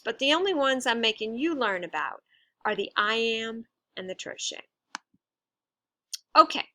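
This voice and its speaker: A woman's voice: on the high side, pushed and bright, no room sound. A woman teacher patiently explaining a lesson, stressing syllables as she goes. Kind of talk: recorded instructional lesson.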